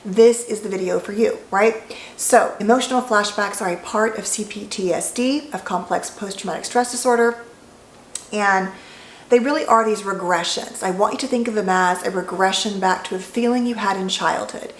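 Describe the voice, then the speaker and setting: Woman psychologist, mid-pitched, gentle and reassuring delivery, roomy echo with faint noise behind. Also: moderate pace. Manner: calm, gentle, reassuring guidance. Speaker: licensed psychologist. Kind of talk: educational talk to camera.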